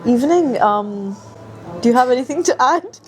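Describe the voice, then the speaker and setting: A woman's voice: high voice, lively intonation, darkish tone. A woman with a Scottish accent hosting a podcast, chatting casually and joking about herself. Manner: quick, joking, self-mocking banter. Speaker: podcast host. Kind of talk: casual chat.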